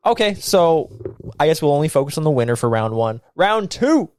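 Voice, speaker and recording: A man hosting a casual movie chat, talking in an animated way, acting out quotes and laughing often. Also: on the high side, quick pace, smooth, no echo, clean studio sound. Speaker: podcast host.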